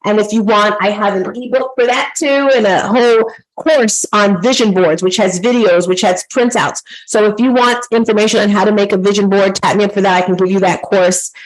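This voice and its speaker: A woman's voice: mid-range voice, normal speed, low-quality recording. A woman hosting a live online workshop, casual and encouraging, giving tasks to her participants. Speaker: online class host and coach.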